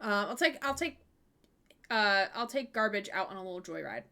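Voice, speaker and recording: A woman hosting a live stream who chats with viewers and reads out their messages, bubbly and quick to laugh. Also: medium pitch, expressive, bright, forceful tone. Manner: bubbly, laughs often, chatty with fillers. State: hiccuping. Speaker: streamer host.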